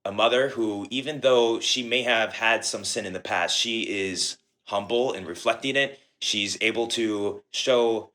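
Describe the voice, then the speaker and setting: A man's voice: fairly low pitch, measured pace, hardly any pauses, pushed and bright. A man co-hosting a casual book club podcast, talking enthusiastically with many fillers. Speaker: podcast co-host.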